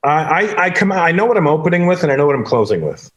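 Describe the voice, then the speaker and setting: A man's voice: on the high side, big pitch swings, quick pace, muffled recording. A man, a stand-up comedian and the guest, telling stories casually and animatedly and jumping into quoted voices. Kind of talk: casual storytelling in conversation.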